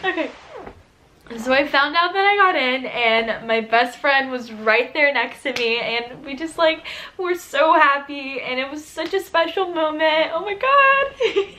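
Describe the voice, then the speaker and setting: A young woman talks straight to her viewers in a chatty, emotional storytime vlog, with a slightly high voice. She keeps saying "like", laughs often and cries a little while she tells it. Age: young adult. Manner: tearful, laughing, breathless with excitement; chatty, many fillers like "like". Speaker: vlogger.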